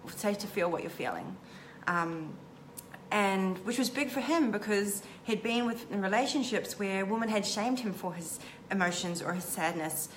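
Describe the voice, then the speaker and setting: Candid woman coach, mid-range voice, halting heartfelt storyteller with a faint hiss behind. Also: mid-range voice, fairly bright tone. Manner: halting, many "um" and "like" restarts. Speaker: intimacy coach. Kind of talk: personal storytelling to camera.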